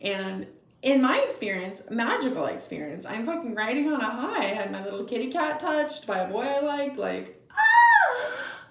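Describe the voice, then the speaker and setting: A young woman vlogger telling a casual story, blunt and animated, swearing freely. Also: fairly high pitch, moderate pace, roomy sound, far from the mic.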